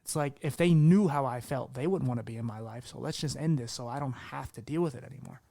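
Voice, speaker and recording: A man's voice: medium pitch, quick pace, vocal fry, dark tone, dry recording, clean studio sound. A man hosting a podcast interview, talking candidly in a rambling way with many restarts. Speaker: podcast host. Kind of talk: casual conversational interview.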